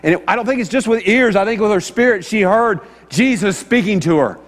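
A man's voice: high-pitched, lively intonation, brisk. Man preaching in an echoey hall. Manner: conversational, asks the audience questions. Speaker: pastor. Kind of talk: sermon. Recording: long hall reverb, faint mains hum.

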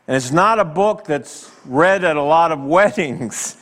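Slow, animated preacher in a reverberant hall. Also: male voice, on the high side. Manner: slow, emphatic preaching with dramatic pauses; asks the congregation direct questions. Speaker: pastor. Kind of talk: sermon.

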